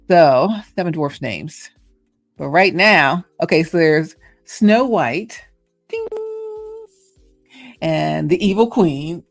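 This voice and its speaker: A woman's voice: low-pitched, lively intonation, slow pace, creaky, pauses often, soft background music. A middle-aged woman with a Southern US accent, hosting a casual reflective monologue, chatty and playful as she muses aloud. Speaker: host.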